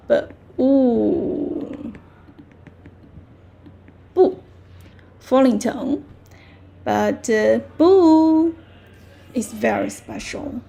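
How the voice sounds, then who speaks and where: Slow, gravelly Chinese-accented woman teacher. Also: a little high, dark tone. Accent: Mandarin Chinese. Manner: patient, repeats words slowly with clear tones. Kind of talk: language lesson.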